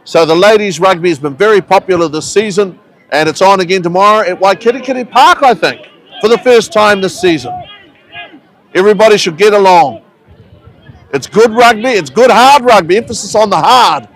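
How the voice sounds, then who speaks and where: A New man calls a local rugby match from the ground, his voice pitched high and his delivery easygoing and conversational. He mixes play-by-play with friendly local asides. A faint crowd murmurs behind him outdoors. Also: brisk, a bit bright, poor audio. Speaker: rugby commentator. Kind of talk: live sports commentary.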